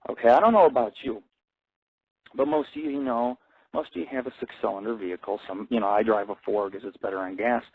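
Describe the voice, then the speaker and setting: A man who grew up in an Italian-American family hosts an internet radio show, rambling bluntly through a casual monologue and swearing constantly. His medium-pitched voice has no echo and sounds phone-quality.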